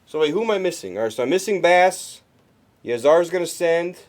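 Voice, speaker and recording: A man with a rather high, animated voice talks a little fast while hosting a live card break. He rambles casually to chat viewers in a livestream, restarting often.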